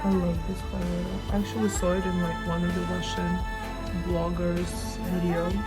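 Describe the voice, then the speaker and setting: A woman's voice: fairly low pitch, monotone, moderate pace. Rambling young woman vlogger over music. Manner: chatty, rambling, self-mocking. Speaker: beauty vlogger. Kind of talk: casual storytelling while doing makeup.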